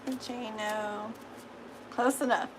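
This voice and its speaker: A woman's voice: fairly high pitch, fairly even intonation, drawn-out words, background noise. A middle-aged woman hosting a live tarot reading, chatting casually and gushing, laughing often. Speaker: tarot reader hosting a livestream. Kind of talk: casual livestream chat.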